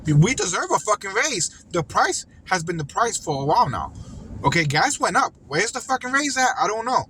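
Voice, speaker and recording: Angry new driver guy ranting in his car, high bright voice, cussing nonstop, faint car noise behind. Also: big pitch swings, moderate pace. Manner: heated, cursing, exasperated. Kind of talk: angry vlog rant. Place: inside a car.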